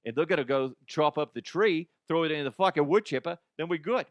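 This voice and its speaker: A man voicing a loud, profane Boston working man giving orders, with a put-on Boston accent. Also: fairly high pitch, brisk, no room sound, pitched above the performer's own voice, natural voice. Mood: brash. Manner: brash, profane, shouting orders.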